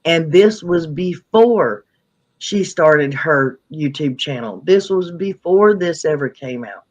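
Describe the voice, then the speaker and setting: Slow, earnest man with a higher voice. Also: expressive, lo-fi sound. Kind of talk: casual chat.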